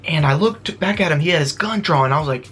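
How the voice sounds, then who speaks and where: A man tells his viewers a tense story in a casual vlog, his voice sitting a little high. He rushes and restarts, piling on fillers as he talks. Faint music plays quietly behind him. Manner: excited, rushed retelling with many fillers and restarts. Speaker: vlogger.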